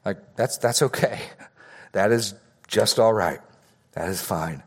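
A man's voice: lowish voice, normal speed. A man preaching an expository sermon as pastor, earnest and given to repeating words for emphasis.

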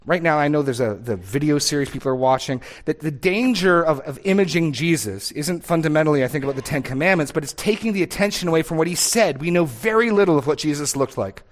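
A man's voice: fairly high pitch, lively intonation, fast talker, few pauses. A man preaching an expository sermon, emphatic and fond of repeating key phrases and asking rhetorical questions. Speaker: pastor.

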